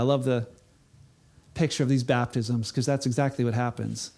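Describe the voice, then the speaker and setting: A middle-aged male pastor preaching a sermon, earnest, rising to impassioned peaks and then dropping soft and low. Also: level tone, normal speed.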